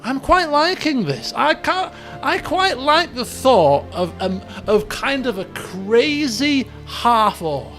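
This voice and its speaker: A man's voice: extremely high pitch, sing-song, slow pace, few pauses, a bit bright, faint music behind. A young adult man streaming a game, chatting and musing aloud in a jokey, casual way.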